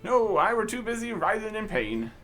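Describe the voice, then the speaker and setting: Man doing gruff injured pirates. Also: sits high, big pitch swings, moderate pace, pushed and bright, faint music behind, exaggerated voice. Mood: aggrieved. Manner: gruff pirate dialect, "aye", "me bones". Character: rough injured male pirate sailors.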